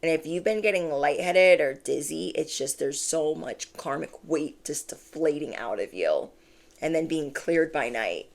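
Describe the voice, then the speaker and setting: A woman giving a channeled tarot reading, speaking with animated, drawn-out emphasis while shuffling cards. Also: low voice, vocal fry. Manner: animated, drawn-out emphatic phrases, acts out quoted reactions. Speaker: tarot reader.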